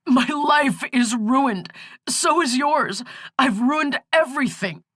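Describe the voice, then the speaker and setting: A woman's voice: mid-range voice, lively intonation, measured pace, a bit bright, dry recording, voice pushed up. A woman voicing a panicking young man in jail, his voice quavering and close to tears. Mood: despairing. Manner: desperate, quavering, near tears.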